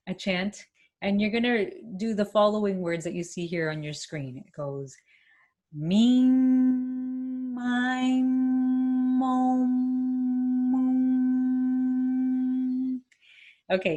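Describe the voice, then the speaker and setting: A woman presenting a workshop, demonstrating a vocal warm-up with hums and chants and encouraging her listeners. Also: medium pitch. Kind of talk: instructional workshop talk. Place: home, speaking to camera.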